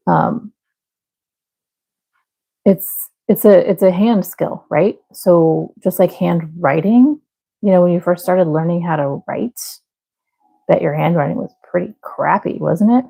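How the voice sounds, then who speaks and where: A woman's voice: fairly low pitch, measured pace, creaky, pauses often, dark tone, slightly rough, rough recording. A woman from the American Midwest hosting a crochet livestream, chatting casually and apologetically with viewers, rambling with fillers and little laughs as she works. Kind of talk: casual chat with live viewers while crocheting.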